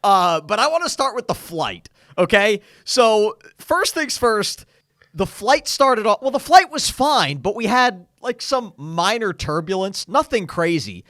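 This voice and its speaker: A young man co-hosting a podcast, telling a travel story in a casual, animated way and acting out what others said. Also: high-pitched, unhurried, no echo, clean studio sound. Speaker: podcast co-host.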